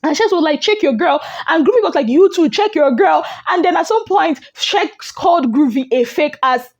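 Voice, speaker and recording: A Nigerian woman with a high, light voice recaps reality-show drama in a casual vlog. She tells it dramatically and acts out each quote along the way. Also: moderate pace. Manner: dramatic, animated storytelling with acted-out quotes. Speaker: entertainment gossip vlogger.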